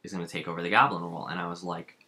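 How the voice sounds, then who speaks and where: A man with a low, deep voice and a bright, forceful edge, chatting casually about films. He rants in an animated way and acts out his own reactions as he goes. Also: rapid-fire. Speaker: podcast co-host. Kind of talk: casual chat.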